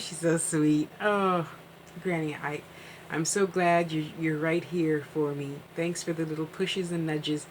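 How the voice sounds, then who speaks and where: A woman's voice: sits low, steady tone, a little slow, a little hiss or hum, low-quality recording. A woman hosting a live-streamed psychic reading, chatting casually and rambling with frequent asides.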